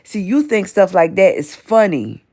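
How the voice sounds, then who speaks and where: A woman's voice: medium pitch, big pitch swings, unhurried, mellow. Confrontational woman in her fifties ranting. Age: 50s. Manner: confrontational, repetitive, addresses people directly. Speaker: livestream host. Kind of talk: livestream rant reading chat.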